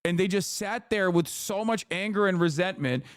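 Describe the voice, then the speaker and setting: A man rants through casual stream commentary, swearing freely. His voice sits fairly high for a man, and the sound is close and dry. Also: normal speed, smooth, dry recording. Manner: profane, animated ranting.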